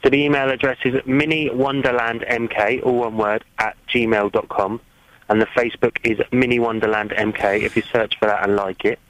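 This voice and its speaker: A man's voice: medium pitch, steady tone, normal speed, a bit bright, no room sound, low-quality recording. A man calling in to a radio phone-in as an event organiser, earnest and grateful, with some hesitant fillers.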